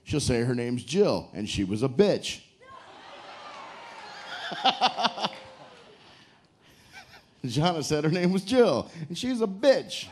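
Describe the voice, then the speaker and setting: A man's voice: fairly high pitch, big pitch swings, slow pace, long pauses, slight background noise. A man hosting a live game show on a cruise ship stage, joking with couples and teasing them. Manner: joking, teasing, hypes the crowd.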